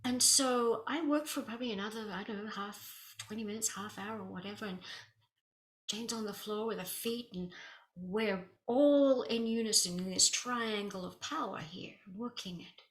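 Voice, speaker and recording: A woman, a spiritual healer, telling a personal story in an animated way, acting out the dialogue and dropping to whispers. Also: mid-range voice, normal speed, roomy sound, low-quality recording. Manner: animated, drops to whispers at intense moments; acts out quoted dialogue.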